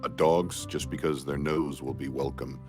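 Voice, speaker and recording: A man's voice: a bass voice, fairly even intonation, normal speed, music in the background. A man playing in character at a tabletop game, speaking in a formal, courtly way. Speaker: player. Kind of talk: in-character tabletop role-play.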